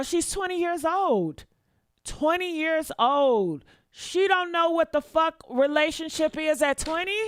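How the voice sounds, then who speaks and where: A woman's voice: high voice, a bit bright, dry recording, studio quality. A woman commentator giving a blunt, profane, preachy rant in a casual style. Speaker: online commentator.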